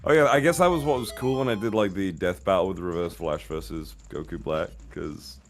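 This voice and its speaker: Deep-voiced British man chatting casually. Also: brisk, soft background music. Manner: relaxed, swears constantly, rambling. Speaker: voice actor, stream guest. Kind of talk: casual chat on a game stream.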